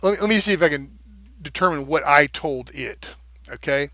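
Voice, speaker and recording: Man, livestream vlogger, bright, slightly high voice, dry close sound, profane and animated. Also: normal speed, no echo. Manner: animated, profane, explains with rhythm syllables. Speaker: live streamer. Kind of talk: casual livestream monologue.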